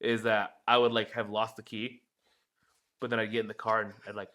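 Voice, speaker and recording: A young man in his twenties rattles through a story at a fast clip. His voice is bright and forward. He acts out what people said with sharp leaps in pitch and casual swearing. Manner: animated, acts out quotes with big jumps in pitch and swearing. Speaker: podcast co-host.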